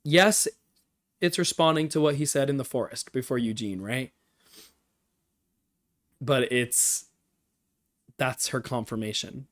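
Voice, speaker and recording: Man, livestream recap, unhurried, emotional fan, rambling asides, mid pitch. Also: a bit bright. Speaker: streamer. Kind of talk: livestream episode recap and analysis.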